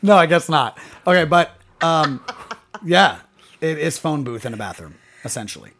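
Lively, higher-voiced man joking around. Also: normal speed. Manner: goofy, playful slang. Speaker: podcast co-host. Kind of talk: casual chat.

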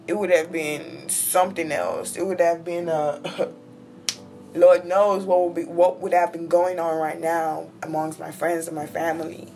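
Candid woman podcaster, soft guitar behind. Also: fairly low pitch, level tone, unhurried, vocal fry. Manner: candid, conversational, addresses listeners as "y'all" and "bro". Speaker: podcast host. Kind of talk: personal storytelling monologue. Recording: faint guitar music behind.

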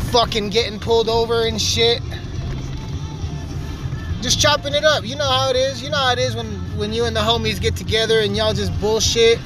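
High-voiced guy talking over loud music. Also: rough recording. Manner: loose, profane, laid-back banter. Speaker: podcast host. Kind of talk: casual talk while driving. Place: inside a truck on the road. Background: loud music playing.

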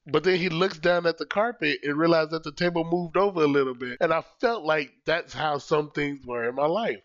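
A man co-hosting a casual podcast chat, animated and laughing often, talking into a studio microphone. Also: a little fast, few pauses, no echo, lo-fi sound. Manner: animated, laughs often, jumps to high-pitched exclamations. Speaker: podcast co-host.

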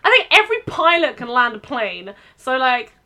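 A woman's voice: high-pitched, sing-song, normal speed, bright, forceful tone. A woman chatting as a podcast guest, enthusiastic and talkative. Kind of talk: casual chat.

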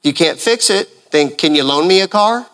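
Animated preacher with a bright voice. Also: male voice, fairly high pitch, moderate pace. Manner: animated, full of rhetorical questions. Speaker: pastor. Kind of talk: sermon.

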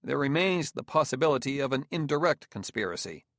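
A man voicing a weary, stubborn middle-aged detective who speaks in a measured, guarded way in an audiobook reading. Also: mid-range voice, sing-song, fairly bright tone, no room sound, clean studio sound, voice pushed up.

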